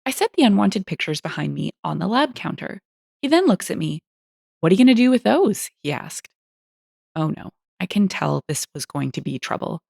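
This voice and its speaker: A woman with a low-set, gravelly voice tells a story with dry, deadpan wit. Her delivery rises and falls in an animated way. The recording is close and dry, with no room sound. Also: normal speed, dry recording. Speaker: story narrator. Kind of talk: storytelling narration.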